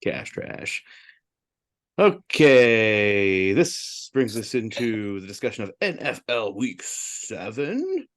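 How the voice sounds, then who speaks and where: Reading betting results as co-host of a sports betting podcast, a man speaks in a fairly low voice with a fairly bright tone and big swings in pitch. He rattles off his picks in quick, upbeat, casually chatty bursts.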